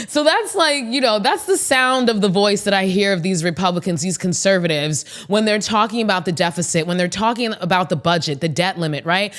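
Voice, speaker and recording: A woman's voice: medium pitch, expressive, a little fast. A woman hosting a podcast of casual political commentary, blunt and outspoken, swearing freely and talking straight to her listeners. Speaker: podcast host.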